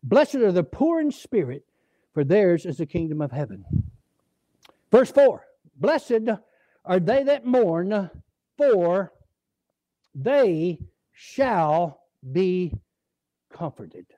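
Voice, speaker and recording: High-voiced preacher telling stories. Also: male voice, slow pace, pauses often, no room sound. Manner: folksy, animated, acts out voices in stories. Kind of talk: sermon with storytelling. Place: church.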